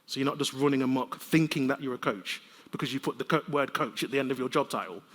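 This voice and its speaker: Animated male keynote speaker in a reverberant hall. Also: mid-range voice, quick pace. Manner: lively, conversational storytelling with humor. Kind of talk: conference keynote talk. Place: large conference hall. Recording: long reverb of a conference hall.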